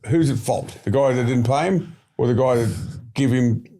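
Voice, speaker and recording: A middle-aged Australian man speaks as a podcast guest, circling back through his stories with heavy emphasis. His voice sits at an ordinary middle pitch. He digresses often, then drives his point home. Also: moderate pace, mellow. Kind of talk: storytelling interview talk.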